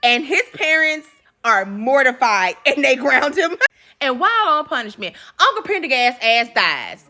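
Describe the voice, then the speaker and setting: A woman giving a casual movie recap commentary, animated and slangy, with profane jokes and laughing asides. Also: high voice, unhurried.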